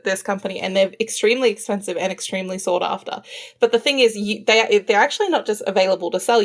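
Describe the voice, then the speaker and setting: A woman co-hosting a podcast, explaining things quickly in a casual chat. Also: medium pitch. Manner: fast, explanatory. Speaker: podcast co-host.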